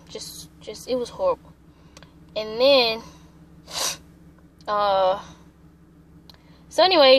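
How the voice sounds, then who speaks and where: A young woman vlogger telling a personal story casually, animated and profane, acting out what people said. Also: medium pitch, a little hiss or hum. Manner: animated, profane, acts out quotes.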